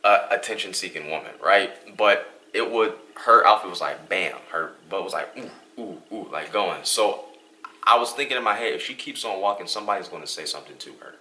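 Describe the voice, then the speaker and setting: A man's voice: deep voice, fairly quick. A young man hosting a couple's vlog, from Western New York, telling a story casually and acting out the dialogue. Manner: animated, acts out dialogue. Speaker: vlog host.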